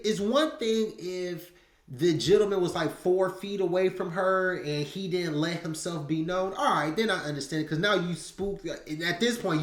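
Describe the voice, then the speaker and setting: A man hosts a reaction video and gives his blunt, slangy take on a clip as he watches it. His voice swings widely and loosely. The room around him rings with a roomy echo. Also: high voice. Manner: animated, blunt, slangy, talks straight to viewers. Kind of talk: casual reaction commentary.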